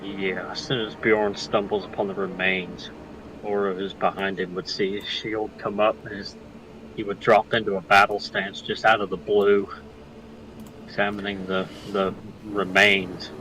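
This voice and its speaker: A man's voice: fairly low pitch, level tone, a little slow, background noise. A man taking part as a player in a tabletop game, describing his character's actions in detail. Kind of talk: casual tabletop play.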